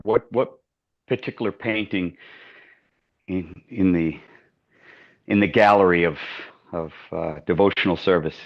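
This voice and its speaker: Man, lowish voice, storytelling, restarts a lot, muffled lo-fi sound. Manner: animated, self-interrupting storyteller. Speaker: devotee in class discussion. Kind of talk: casual storytelling. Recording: muffled lo-fi audio.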